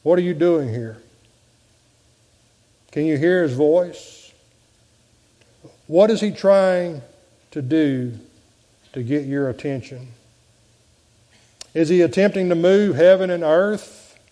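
A man preaching a sermon as pastor, swinging between loud and soft delivery. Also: on the high side, slow pace, long pauses. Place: church sanctuary. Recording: long church reverb.

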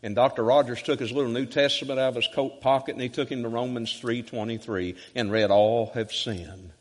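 A male evangelist preaching a sermon emphatically and rhythmically, swinging from loud to hushed. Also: medium pitch, steady tone, brisk. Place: church sanctuary. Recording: church sanctuary with long reverb.

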